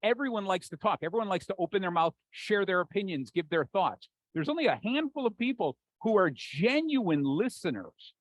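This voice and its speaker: A man with an American accent giving an animated, jokey conference talk, acting out the voices in his head. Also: high voice, moderate pace, hardly any pauses, poor audio. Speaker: keynote speaker. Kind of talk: conference talk to a live audience.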